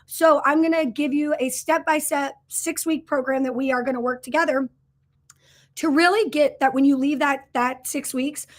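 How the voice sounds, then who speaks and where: A woman in her thirties pitches her coaching program on a casual livestream. Her voice sits high, and she talks in an earnest, chatty way, full of fillers and restarts. She breaks off to greet viewers and answer their comments. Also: fairly even intonation, normal speed. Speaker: business coach hosting a livestream.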